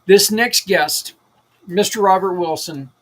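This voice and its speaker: Middle-aged male host, slightly high voice, rambling and enthusiastic. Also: takes it slowly, fairly bright tone. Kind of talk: casual livestream talk.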